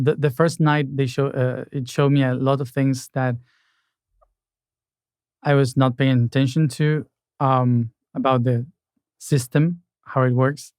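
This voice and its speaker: A man talking reflectively in a conversation, halting with many pauses and fillers. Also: mid-range voice, darkish tone, clean tone, dry recording.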